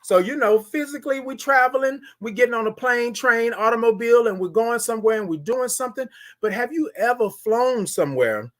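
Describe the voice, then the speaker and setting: Speaking briskly with hardly any pauses, this very high-voiced Texan from Houston runs a live morning talk stream. He calls out to viewers by name with chat shoutouts, in an animated, preachy call-and-response style.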